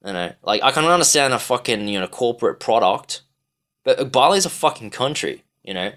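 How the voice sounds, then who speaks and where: An Australian man rants to camera in a loose, rambling way, swearing constantly and sounding exasperated. His voice sits at an ordinary middle pitch, and he stumbles through fillers and restarts. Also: very animated, a little fast, a bit bright. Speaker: vlogger. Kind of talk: ranting monologue.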